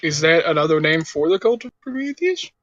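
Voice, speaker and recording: A man's voice: a little high, very animated, fairly quick, fairly bright tone, highs cut off. A man playing a tabletop game, wisecracking and crude. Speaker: player. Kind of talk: casual game chat.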